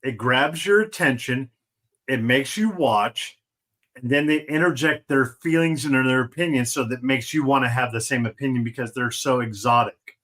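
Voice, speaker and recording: A man's voice: mid-range voice, normal speed. A man co-hosting a podcast in casual chat, telling stories with crude jokes. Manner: animated storyteller, crude and joking. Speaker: podcast co-host.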